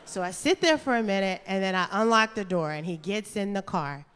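A woman spins a comic story for a live audience, chatty and animated with laughter slipping into her lines. Her voice rings out with a long hall reverb behind it. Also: medium pitch, brisk, smooth. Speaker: storyteller and stand-up comedian.

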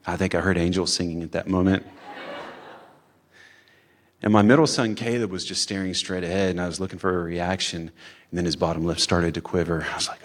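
A man's voice: low-pitched, steady tone, a little fast, pauses often. A man, a father, telling a personal story on stage in a casual, chatty way, full of "like" fillers and acted-out quotes. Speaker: storyteller, father of three boys.

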